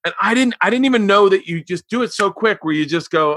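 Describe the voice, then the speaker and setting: A man's voice: high voice, fast talker, dry recording. A man hosting a podcast in casual chat, telling stories animatedly and acting out the quoted lines. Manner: animated storyteller, acts out quotes and jumps to near-yelling. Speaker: podcast host.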